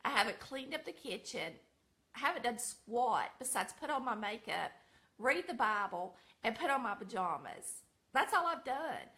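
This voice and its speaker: A woman's voice: on the high side, big pitch swings, normal speed, bright, forceful tone. A middle-aged Southern woman with a Southern American accent, chatting folksily to viewers in a casual vlog from her home kitchen. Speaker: vlogger.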